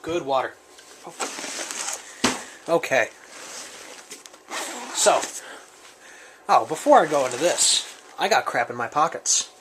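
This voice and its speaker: A man's voice: a little high, animated, slow pace, long pauses, noisy background. A man casually reviewing his survival gear on camera, rambling and joking in an off-the-cuff way. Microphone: camera mic, speaker off-frame.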